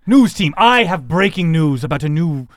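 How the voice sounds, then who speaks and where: A man voicing a melodramatic young woman in a tabletop game, with shrill exclamations. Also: very animated, moderate pace. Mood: frantic. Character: theatrical, dramatic young woman named Ingenue.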